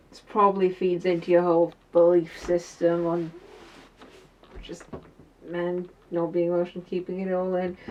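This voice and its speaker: A woman's voice: lowish voice, darkish tone, distant mic, muffled recording, a little hiss or hum, lightly acted. A woman playing a subdued young Welsh man in a character video diary, resigned and feeling left out.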